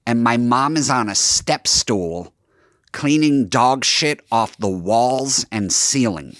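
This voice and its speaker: A young comedian recounts childhood stories on a podcast in a deadpan way. His voice sits at a middle pitch. The sound is dry and close. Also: slow, dry recording. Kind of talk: casual chat.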